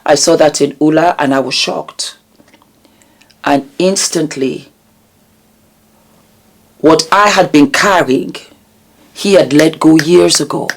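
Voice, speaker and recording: A woman hosting her own channel, talking earnestly and emotionally about vulnerability and healing, with deliberate repetitions. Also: low voice. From United Kingdom. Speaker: channel host. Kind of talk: reflective commentary vlog.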